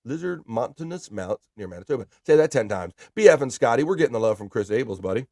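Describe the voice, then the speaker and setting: A man hosts a laid-back livestream, reading out chat messages and greeting viewers one by one. His voice sits at an ordinary middle pitch and sounds close and dry, with no room echo. He talks loosely and swears casually. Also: big pitch swings, fast. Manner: loose and profane, shouting out chatters by name. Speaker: livestream host.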